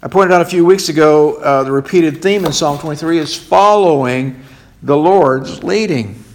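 A man's voice: a little high, normal speed. A man preaching a sermon in an earnest way, asking rhetorical questions as he goes. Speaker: pastor.

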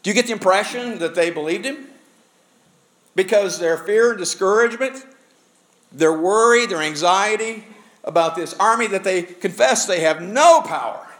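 A male pastor delivering a sermon with a lively, swooping voice that sits a little high for a man. He keeps putting questions to the congregation as he preaches, animated and earnest.

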